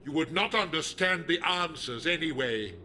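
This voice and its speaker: A man voicing a megalomaniac male leader of a druid order in a video game, talking in a slow, menacing, pompous way. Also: on the high side, expressive, bright, forceful tone, a little hiss or hum. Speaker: game villain.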